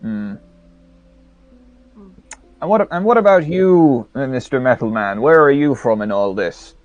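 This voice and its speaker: A man chatting casually and joking at a tabletop game table. His voice sits at a middle pitch and is recorded close and dry, with no room sound. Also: lively intonation, measured pace, no echo, highs cut off, faint music behind. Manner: jokey, laughs often. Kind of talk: casual tabletop play chat.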